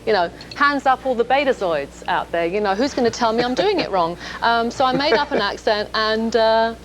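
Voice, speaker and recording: A London woman in her thirties, a guest actress on a TV shopping show, chats casually and laughs often in a London English accent. Her voice sits on the high side with lively intonation and moderate pace. The audio is poor, with slight background noise from the studio.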